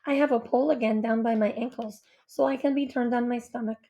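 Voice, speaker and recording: Mellow-voiced woman reading an audiobook. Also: a little high, steady tone, quick pace, creaky. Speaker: audiobook narrator. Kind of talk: first-person audiobook narration.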